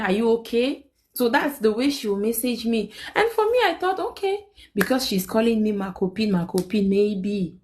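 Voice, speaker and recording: A young woman, hosting a live stream and telling a personal story in casual chat. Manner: animated, quotes people with big pitch jumps.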